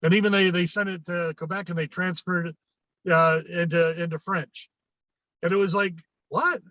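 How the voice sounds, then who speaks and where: On a podcast, this guest from Canada, who works as a sales coach, shares stories and performs the dialogue himself, often starting over and repeating phrases. He speaks with a high, bright, forceful voice in a level tone at a moderate pace. The audio is lo-fi, dull and dry, with no echo.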